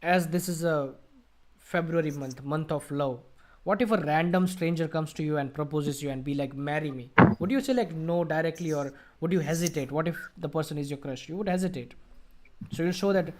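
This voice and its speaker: A man's voice: on the high side, brisk, a little mellow, slight background noise. A man with an Indian English accent teaching an online English speaking class, explaining and quizzing his students. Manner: explanatory, asks the class questions. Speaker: IELTS tutor.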